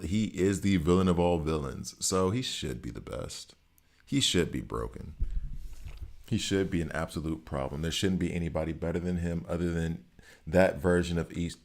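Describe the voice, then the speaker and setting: Deep-voiced man chatting on a game stream. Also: normal speed, gravelly, darkish tone. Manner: chatty, teasing chat readers, talks to viewers while playing. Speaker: gaming streamer. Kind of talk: casual live-stream chat.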